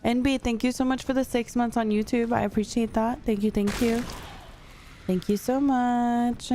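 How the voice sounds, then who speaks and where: A woman's voice: on the high side, normal speed, a little mellow, slight background noise. A young woman streaming a game, chatting casually, thanking viewers and answering chat. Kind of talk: casual live-stream chat while gaming. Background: faint music.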